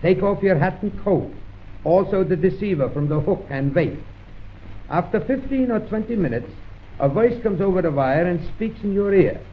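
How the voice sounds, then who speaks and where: Man, high and lively voice, deadpan comic monologue, tinny scratchy old record, faint hiss. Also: normal speed. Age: 1910s archive recording. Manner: dry deadpan instructions, mimicking phone voices.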